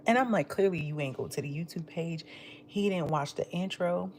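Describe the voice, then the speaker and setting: A woman's voice: lowish voice, lively intonation, normal speed, a little mellow, slight background noise. A woman livestreaming from home, telling gossipy stories in casual chat, acting out quotes and laughing often. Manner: laughs often while talking. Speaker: livestream vlogger. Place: at home, eating.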